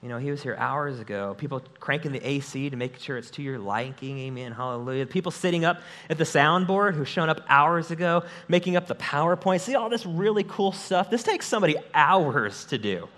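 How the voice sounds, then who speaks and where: A pastor preaches a sermon to his church through a stage microphone, energetic and conversational, joking with the congregation. His voice is fairly high and fairly quick, with hardly any pauses.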